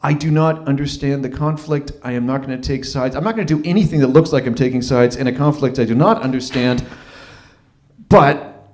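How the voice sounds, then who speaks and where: A man's voice: medium pitch, fairly quick. Man telling a story at open mic. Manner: conversational, self-deprecating, frequent restarts.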